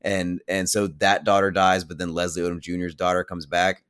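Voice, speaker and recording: A man's voice: low voice, level tone, normal speed, a bit bright, smooth, no room sound, clean studio sound. A man reviewing a film on a podcast, retelling the plot in a rambling, casual way with lots of "like" and blunt, offhand opinions. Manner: rambling, heavy use of "like". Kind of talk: casual spoiler recap.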